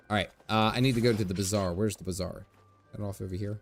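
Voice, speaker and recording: A man's voice: on the low side, fairly even intonation, fast, soft background music. A man streaming a game, giving casual, chatty commentary with frequent laughs and casual swearing. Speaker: gaming streamer.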